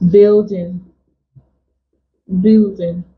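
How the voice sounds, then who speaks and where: A woman English tutor teaching vowel sounds for exam preparation, saying example words slowly and often repeating them. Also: medium pitch, flat delivery, narrow, tinny audio. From Nigeria. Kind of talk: exam prep lesson.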